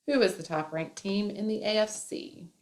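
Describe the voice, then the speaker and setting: A woman's voice: medium pitch, normal speed, darkish tone. A woman teacher explaining a grammar lesson step by step, with playful asides.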